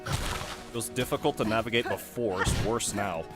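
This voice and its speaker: A man's voice: fairly low pitch, moderate pace, over loud music. A man from the United Kingdom giving casual, chatty gameplay commentary, easily amused and laughing often. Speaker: gaming video host.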